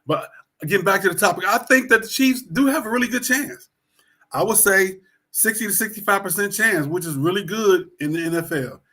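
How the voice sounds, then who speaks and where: A man with a slightly high voice co-hosts a casual sports talk show. He talks in a laid-back, reflective way, musing over his own past and the game. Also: fairly quick, sharp tone.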